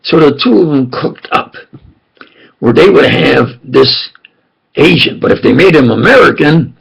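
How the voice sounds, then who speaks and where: An older man who styles himself a preacher tells rambling, jokey personal stories, often asking whether you understand. His slightly high voice is expressive, unhurried, husky, and marked by vocal fry. The recording is rough.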